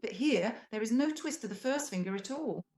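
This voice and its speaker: A woman's voice: fairly high pitch, expressive, moderate pace, a little mellow. Patient woman explaining piano technique. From Russia. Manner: patient, illustrative, sings phrases along. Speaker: piano teacher. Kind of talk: explanatory music lesson. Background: faint piano playing.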